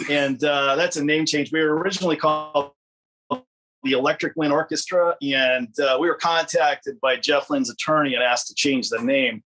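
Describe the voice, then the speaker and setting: A man's voice: a little high, steady tone, normal speed, fairly bright tone, low-quality recording. A man, a guest musician on a podcast, explaining things in a friendly, articulate way. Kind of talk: podcast interview.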